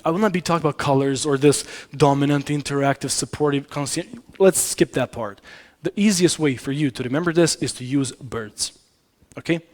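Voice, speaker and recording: A man with a fairly high-pitched voice gives a business communication talk on a conference stage. He speaks to the audience in a loose, conversational way, asking them questions and often stopping to correct his own wording. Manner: conversational, addresses audience directly, frequent self-corrections.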